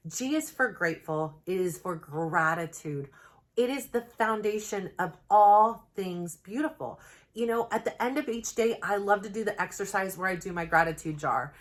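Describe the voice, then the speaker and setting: A woman's voice: medium pitch, expressive, normal speed. A woman records a self-help vlog at home, speaking straight to camera in a rambling, earnest way. Her talk is heartfelt and loose, with plenty of filler words as she works through her thoughts. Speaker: self-help vlogger, mother. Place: home, new plain backdrop.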